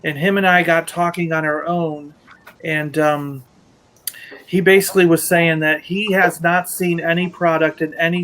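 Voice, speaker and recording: A Lego merchandising rep co-hosts a casual toy-collecting livestream, his fairly high, slightly bright voice coming through a low-quality recording with a bit of background noise. He rambles through a long story, restarting and acting out what others said.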